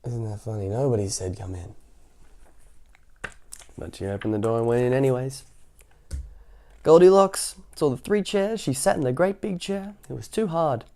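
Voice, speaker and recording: A man's voice: mid-range voice, moderate pace, darkish tone. A man reading a children's picture book aloud, in a playful way with chatty asides between passages. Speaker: children's story reader.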